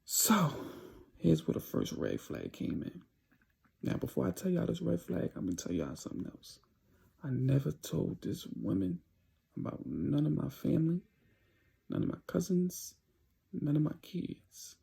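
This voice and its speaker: A man's voice: on the high side, very animated, unhurried, gravelly, mellow, husky. A young man telling a casual storytime tale in loose street slang, full of "you know"s. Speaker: vlogger telling a dating story.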